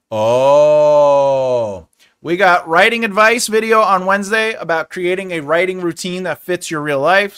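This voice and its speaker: A man's voice: on the high side, a bit bright, clean tone. A man hosting a writing livestream, chatting casually, laughing often and acting out silly voices when retelling scenes. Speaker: writing channel host.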